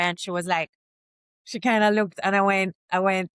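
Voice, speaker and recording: A middle-aged woman from Jamaica, a podcast guest telling stories in casual, animated chat full of "like" and "you know". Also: mid-range voice, moderate pace, clean tone, no room sound. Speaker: guest, real estate agent.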